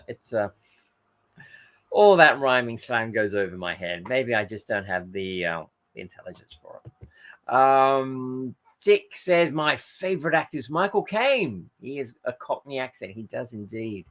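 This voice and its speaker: His voice is medium in pitch and fairly bright, with big pitch swings and a measured pace. Tired and chatting casually on a livestream, he reads out viewer comments, rambling with many hesitations, fillers and self-corrections.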